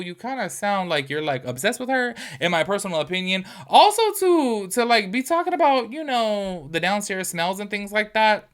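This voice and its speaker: A man hosting a reaction video, talking in a casual, gossipy way with lots of "like" and "y'all". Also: a little high. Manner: animated, chatty, full of "like" and "y'all".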